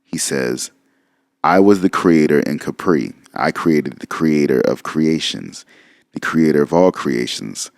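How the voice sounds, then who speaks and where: Man, very low and gravelly, lecturing casually, blunt and profane, dry close sound. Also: animated, measured pace, no echo. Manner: profane, blunt, musing aloud. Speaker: occult lecturer. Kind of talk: casual lecture reading from texts.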